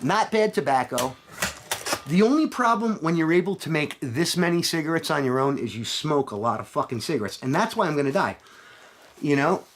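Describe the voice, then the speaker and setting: A man's voice: fairly high pitch, animated, fairly quick, a little hiss or hum. A middle-aged man rambling and ranting profanely to camera in a casual vlog, sometimes mocking others in put-on voices. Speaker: vlogger.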